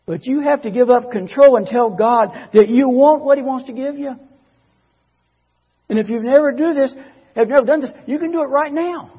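A man's voice: extremely high pitch, normal speed, breathy edge, long reverb tail, dull audio. A man preaching in a church, telling his own story in a folksy, conversational way with stammered restarts. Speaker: guest preacher. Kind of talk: sermon with personal testimony.

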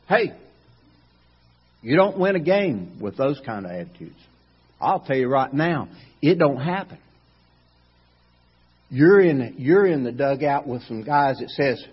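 A man preaching a sermon in a folksy, animated way, repeating phrases for emphasis. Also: high voice, a little slow, long pauses, breathy edge, highs cut off.

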